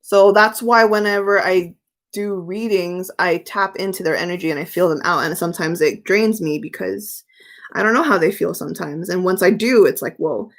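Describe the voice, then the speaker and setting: A young woman chats loosely on her tarot live stream, reading viewer questions aloud as they arrive and answering frankly and easily, as if talking with friends. Her voice is lowish, at a moderate pace, and her manner is chatty and candid.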